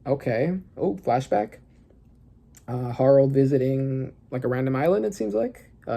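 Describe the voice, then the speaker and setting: A young adult talks through a fresh manga chapter in a loose, casual way, reading the panels aloud. The voice sits in a middle pitch, peppered with fillers and sudden excited gasps. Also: normal speed. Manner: excitable, gasping and laughing, lots of fillers. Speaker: manga reaction streamer.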